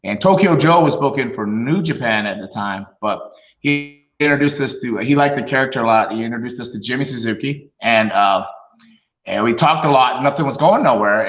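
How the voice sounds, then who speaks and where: A middle-aged retired wrestler, a guest in a casual storytelling interview, spins animated tales, laughing often and acting out what others said. His mid-range voice is bright and forceful, and the roomy, slightly dull sound feels lo-fi.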